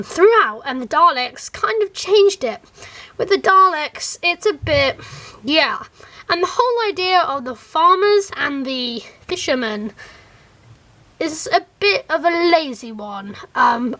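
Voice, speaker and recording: High-voiced chatty woman. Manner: animated, rambling, with many fillers and restarts. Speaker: fan reviewer. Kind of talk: casual chat to camera.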